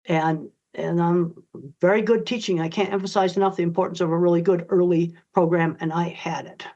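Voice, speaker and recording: A woman's voice: on the low side, fairly even intonation, fairly quick, warm tone. An older woman answering interview questions in a blunt, emphatic, direct way. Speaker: guest author. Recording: dull lo-fi audio.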